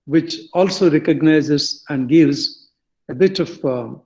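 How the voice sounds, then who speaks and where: An older man with an Indian English accent speaks slowly in a lecture-style talk, his voice sitting fairly high for a man. He pauses often, fills gaps with "uh" and "um", and restarts and corrects his phrases as he goes. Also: a little mellow, poor audio. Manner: halting, with many fillers and self-corrections. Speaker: guest speaker.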